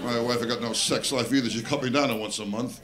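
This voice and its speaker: Speaking fast with medium pitch and fairly even intonation, a stand-up comedian works a club stage with brash one-liners aimed at himself, bantering with the crowd. The live recording carries loud laughter and audience noise.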